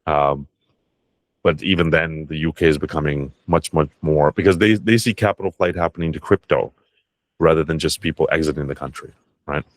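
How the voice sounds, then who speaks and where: A man with a very deep voice talks bluntly and casually through an online masterclass. He swears offhandedly and slips into quick voices for the people he describes. The sound is dry and close, with no room around it. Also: no room sound. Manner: blunt, swears casually, acts out bank staff in quick asides. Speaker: crypto tax educator.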